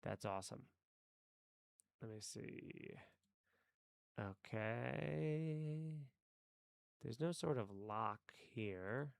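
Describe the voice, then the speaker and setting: A man's voice: on the low side, animated, drawn-out words, creaky, pauses often, dry recording, clean studio sound. A man chatting casually on a live stream, rambling to his chat while adjusting his microphone settings. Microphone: desk microphone.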